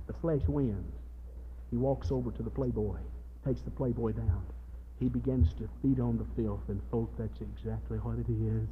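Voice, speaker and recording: A man preaching a sermon in a folksy, direct way, jumping from loud high exclaiming to hushed low tones. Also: expressive, normal speed, a little hiss or hum. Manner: folksy, uses illustrations and direct address. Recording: dull, long-reverb hall recording.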